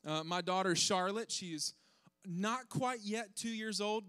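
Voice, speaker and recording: Animated high-voiced man telling a funny story. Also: measured pace, smooth. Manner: animated, self-deprecating, acts out his kids' voices. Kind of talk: comedic storytelling to an audience.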